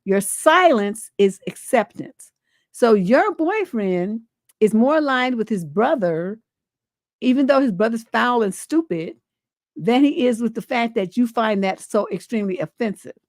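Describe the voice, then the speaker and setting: A middle-aged American woman hosts a relationship advice livestream, reading a viewer's letter and responding bluntly and emphatically, swearing freely. Her voice is on the high side with lively intonation and an unhurried pace, captured in a dry, clean studio recording.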